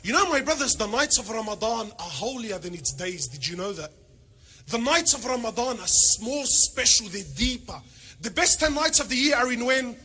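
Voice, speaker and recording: Animated high-voiced man preaching. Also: normal speed, slightly rough. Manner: animated, joking, rhetorical questions; peppers speech with Arabic phrases. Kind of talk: sermon to a congregation.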